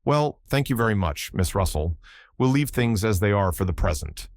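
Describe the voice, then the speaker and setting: Audiobook role: narrator playing a no-nonsense middle-aged inspector, brisk, deep-voiced, dry close sound. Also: male voice, expressive, a little mellow, no echo, lightly acted. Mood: businesslike.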